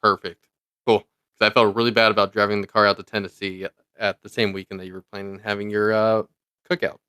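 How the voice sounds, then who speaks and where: A podcast co-host with a lowish, bright, forceful, smooth voice speaks in a flat delivery, recorded in a clean studio with no echo. He chats casually, joking, riffing quickly, and teasing.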